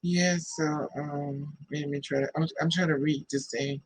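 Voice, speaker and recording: Livestream co-host man, laid-back teaser, slightly high voice, halting when he reads. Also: steady tone, husky, low-quality recording. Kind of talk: casual livestream chat.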